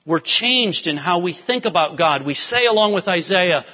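Man, high pitch, pastor delivering an emphatic sermon, dull recording in a large church hall. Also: expressive, moderate pace, hardly any pauses. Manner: emphatic preaching, rising to urgent peaks. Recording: dull sound with long hall reverb.

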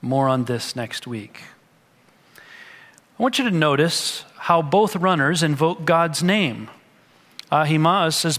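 A male pastor reads a passage aloud and then breaks off to talk it through with his listeners, earnest and direct. His voice sits a little high for a man. The sound rings with a long reverb from a large hall. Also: lively intonation, slow, a bit bright. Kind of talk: sermon reading and explaining scripture.

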